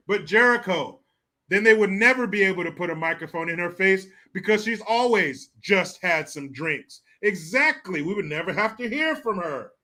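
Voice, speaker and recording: A man's voice: high voice, lively intonation, measured pace, pushed and bright. A man hosting casual commentary, crude and mocking, laughing often. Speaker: streamer host.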